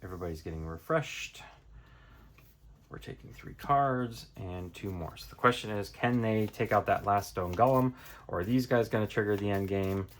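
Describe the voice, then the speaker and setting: Male board game presenter, low voice, relaxed think-aloud playthrough delivery. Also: moderate pace, a little hiss or hum. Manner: thinking aloud, counting cards out loud. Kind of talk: casual tabletop playthrough tutorial.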